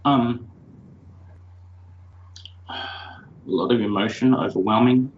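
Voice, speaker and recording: A man hosting the show, answering in short halting, emotional phrases while being guided through a healing session. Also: mid-range voice. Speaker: host. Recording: roomy, dull lo-fi with faint hiss.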